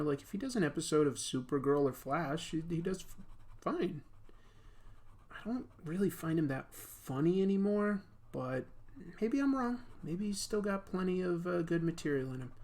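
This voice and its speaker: A man's voice: on the high side, darkish tone. A man hosting a casual art livestream, chatting in a rambling, joking way while he draws. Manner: rambling, joking, lots of fillers. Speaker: comics artist and livestream host.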